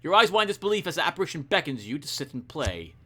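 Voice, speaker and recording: A man's voice: fairly high pitch, sing-song, quick pace, fairly bright tone. A man playing a video game, reading its narration aloud and breaking off for chatty asides and self-corrections, over game music. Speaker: let's player. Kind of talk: reading game text and commenting.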